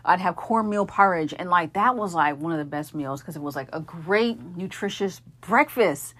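A woman's voice: on the low side, animated, moderate pace, a bit bright. A young adult woman hosting a podcast, talking casually with lots of fillers and self-corrections as she introduces the episode. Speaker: podcast host.

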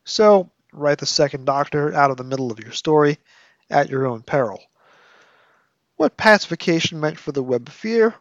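A man's voice: on the high side, no echo, lo-fi sound. A man hosting a podcast, reviewing a novel with analytical, wry commentary and reading excerpts aloud. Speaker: podcast host.

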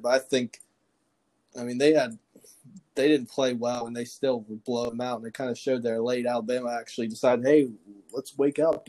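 A man's voice: medium pitch, dark tone. A man co-hosting a casual sports podcast, talking wryly and laid-back, with casual swearing. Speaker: podcast co-host.

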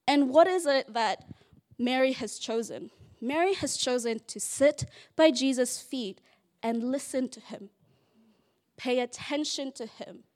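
A woman's voice: high voice, darkish tone. A woman giving a casual, chatty Bible study talk, playful and full of "like" fillers.

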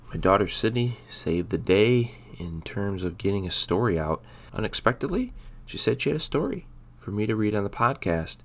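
A man hosting a story podcast, chatting briefly and then reading a Christmas story aloud in a relaxed way. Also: low-pitched. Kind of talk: casual intro then scripted story narration.

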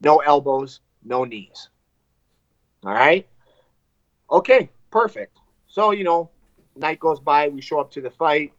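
A man, a fighter, telling a fight story in casual chat, animated and profane, acting out what people said. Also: fairly high pitch, a little slow, long pauses, no room sound, dull audio. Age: adult with wife and two kids. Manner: animated, profane, acts out quotes.

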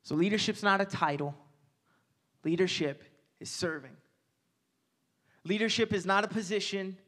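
A young man giving a casual, energetic sermon as a youth pastor, joking aside and repeating phrases. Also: high voice, moderate pace.

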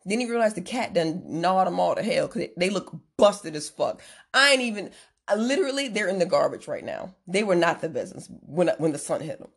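A woman host telling a story casually, animated and full of swearing, acting out what people said. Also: on the low side, brisk, vocal fry, breathy edge. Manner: profane, animated, acts out quotes.

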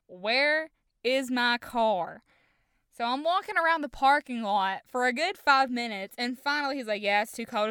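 A young woman recounts a personal story, acting out each quoted line. Her voice is very smooth and clear and sits a little high. The recording is close and dry, with no room sound. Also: no echo. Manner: animated, acts out quoted lines. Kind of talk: personal anecdote told to listeners.

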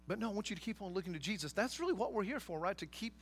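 A man's voice: sits high, animated, very fast, a bit bright, breathy edge. A man preaching a sermon, emphatic, with rhetorical questions and casual asides to his congregation. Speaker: pastor.

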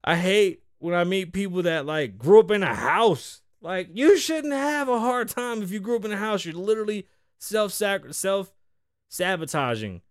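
A man's voice: sits high, expressive, moderate pace, dry recording, studio quality. A man from the Bronx, hosting a podcast in loose, profane, riffing chat and teasing his co-host. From the Bronx, New York. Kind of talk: casual freestyle podcast talk.

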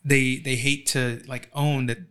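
A man in casual podcast conversation, animated, swearing freely and often acting out other people's voices. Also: mid-range voice, a little slow, clean tone. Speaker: podcast co-host. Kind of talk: casual chat.

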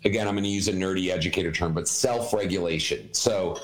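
Earnest low-voiced man in a roomy echo. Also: fast talker. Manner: earnest, explanatory, repeats himself for emphasis. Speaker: podcast co-host, educator. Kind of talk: casual chat giving parenting advice.

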